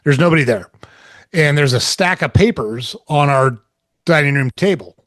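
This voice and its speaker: A man's voice: a little high, lively intonation, moderate pace, fairly bright tone, no echo, clean studio sound. A middle-aged man telling a personal story in candid, casual chat as a podcast guest, swearing freely. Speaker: podcast guest, relationship coach.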